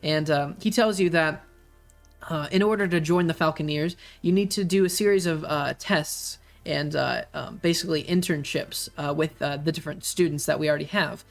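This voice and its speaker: A game master narrating a tabletop game, halting often with uhs and ums. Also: medium pitch, gravelly, soft background music. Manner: halting, filled with many uhs.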